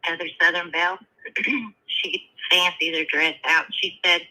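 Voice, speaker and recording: A woman calling in to a live show, slowly telling a long joke in a drawling storyteller way. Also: on the low side, flat delivery, bright, forceful tone. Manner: slow drawling storyteller, laughs at her own joke. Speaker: caller. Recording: tinny phone line.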